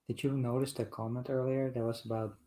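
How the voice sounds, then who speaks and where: A woman's voice: a bass voice, level tone, brisk, warm tone. A woman co-hosting a casual livestream with a laid-back, joking manner. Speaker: co-host.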